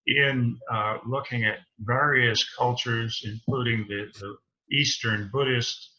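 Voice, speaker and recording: This man is a reverend hosting a live interview. He has a bright, tense edge and middle pitch, and he keeps affirming his guest with enthusiasm. His audio is dull and lo-fi. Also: fairly even intonation, slow pace. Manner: enthusiastic, affirming, frequent backchannels.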